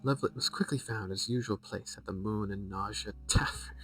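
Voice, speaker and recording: A man's voice: on the low side, a little fast, fairly bright tone, far from the mic, soft background music, low-quality recording. A man streaming a game, reading a book from it aloud and breaking off into amused, rambling asides.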